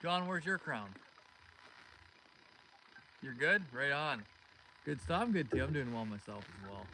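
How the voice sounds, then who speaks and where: A man's voice: mid-range voice, lively intonation, measured pace, bright, forceful tone, poor audio. Chatty man fishing outdoors. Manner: chatty, greets viewers by name. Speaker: fishing livestream host. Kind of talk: casual live-stream chat. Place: outdoors on a boat in the wind. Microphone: phone streaming live. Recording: wind and outdoor noise.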